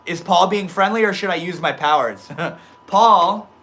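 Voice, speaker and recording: A young man hosting a casual livestream from home, reading chat comments aloud and reacting with easygoing slang and swearing, dropping from soft murmurs to sudden loud excited outbursts. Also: sits high, unhurried. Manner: swears casually, laid-back stoner slang.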